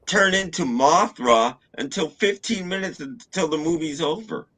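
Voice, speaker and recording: A man chatting on an online video call, animated and opinionated, sometimes stammering as he starts. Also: fairly high pitch, moderate pace, no echo. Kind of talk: casual online video chat. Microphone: video call mic.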